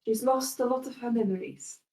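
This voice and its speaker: A woman narrating a tabletop game as game master, in a relaxed, filler-heavy way. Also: a little high, fairly quick. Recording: roomy, distant mic.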